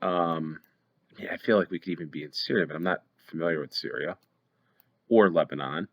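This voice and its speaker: An American man hosts a play-along geography game, thinking aloud and weighing each guess with hesitant ums. His voice sits low and moves briskly.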